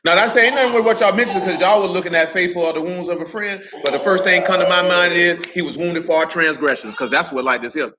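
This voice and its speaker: A man's voice: sits high, quick pace, hardly any pauses, noisy background. A man leading an interactive Bible study, talking casually, teasing and quizzing his listeners by name. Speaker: Bible teacher.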